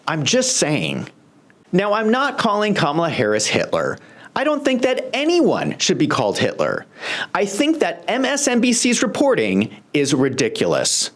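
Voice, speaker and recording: A host delivering political commentary in a sarcastic, pointed manner. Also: mid-range voice.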